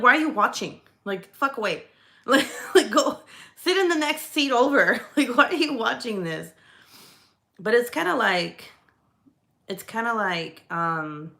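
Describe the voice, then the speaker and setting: A woman's voice: on the low side, pushed and bright. A young woman hosting a book club, chatting casually and swearing freely as she rambles through stories. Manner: rambling, swearing, laughing storyteller. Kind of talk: casual chat.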